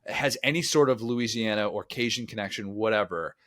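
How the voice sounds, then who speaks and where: A man's voice: fairly low pitch, a little fast, fairly bright tone, no room sound, clean studio sound. A man co-hosting a sports podcast, chatting casually and wandering into long tangents. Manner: rambling, talks himself into tangents. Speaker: co-host.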